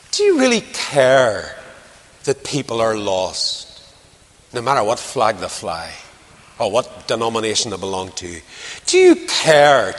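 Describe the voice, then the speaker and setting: A man preaching a sermon, animated, pressing rhetorical questions and swinging between loud and quiet. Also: mid-range voice, long reverb tail.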